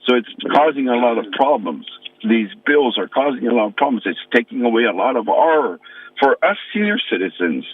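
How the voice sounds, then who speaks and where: A man in his sixties from American Samoa, a pastor and veteran, phones in to a radio show and complains emphatically. His medium-pitched voice swings widely in pitch, moves fairly quickly and has a breathy edge. The call comes over a tinny, dry phone line with no echo.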